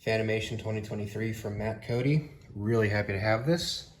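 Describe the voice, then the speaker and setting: In this walkthrough vlog, a ceiling fan collector shows off his home, garage and storage rooms, listing the fans he owns while filming. His voice is fairly low and a bit quick, with some background noise, and he rambles with fillers while a little winded.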